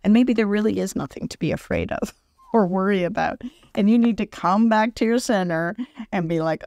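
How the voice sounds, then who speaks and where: A woman talking casually on her podcast as an energy healer, animated and laughing often, acting out quoted thoughts in a higher voice. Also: moderate pace, no room sound, clean studio sound. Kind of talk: casual spoken podcast monologue.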